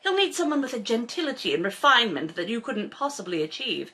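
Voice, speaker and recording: A woman's voice: on the high side, sing-song, pushed and bright. A woman reading as an icy, snobbish rich mother-in-law. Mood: cold disdain. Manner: icy, condescending, measured. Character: cold snobbish wealthy older woman, a disapproving mother-in-law. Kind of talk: reading a novel aloud.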